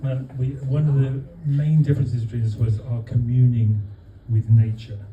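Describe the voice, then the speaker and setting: A man from London giving a humorous birthday speech for his wife to friends at a restaurant, with dry comic timing and many pauses. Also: mid-range voice, lo-fi sound, a little hiss or hum. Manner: deadpan comic timing, halting with fillers. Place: restaurant dining room with guests. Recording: echoey room, voice from far off. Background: guests laughing.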